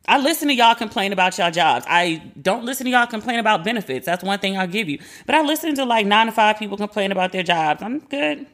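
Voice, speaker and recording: Animated woman in her forties chatting. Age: 40s. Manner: animated storyteller, slangy, acts out quotes in a higher voice. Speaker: podcast host. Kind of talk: casual chat.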